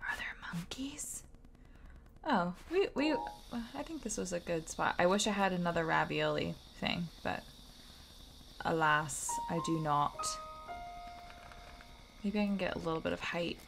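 A woman's voice: lowish voice, animated, measured pace, gravelly, pauses often, over music. A woman casually talking to herself and swearing as she plays a game on a live stream. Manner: chatty, swearing, talks to herself. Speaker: streamer playing a video game.

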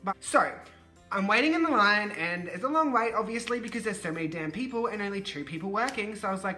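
A woman from Australia with an Australian accent, telling a storytime on her vlog with animated, profane ranting. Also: mid-range voice, fast, soft background music. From Queensland, Australia. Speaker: vlogger.

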